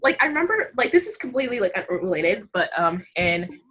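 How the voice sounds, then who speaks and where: A young woman in casual chat with friends, excitable and rambling, with many fillers. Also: mid-range voice, brisk, breathy edge.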